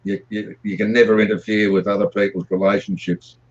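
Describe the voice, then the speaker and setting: A man's voice: on the low side, level tone, a little fast, muffled recording. A man calling in for a casual chat, plain-spoken and leaning on "you know.". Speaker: caller.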